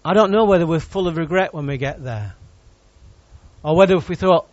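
A man with a fairly high voice preaches briskly as pastor, a lively tease who jokes with his congregation between points. The recording sounds dry and muffled.

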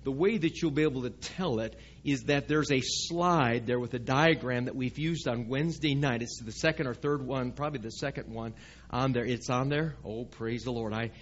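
A man's voice: mid-range voice, moderate pace, lo-fi sound, slight background noise. Conversational male preacher. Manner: conversational preaching, asks the congregation questions. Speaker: pastor. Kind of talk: sermon. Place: church sanctuary.

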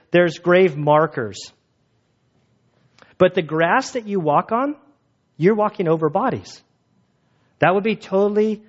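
Male pastor, relaxed joking sermon delivery in a church; a touch high-pitched, muffled sound. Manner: casual, joking, conversational. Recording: dull lo-fi sound.

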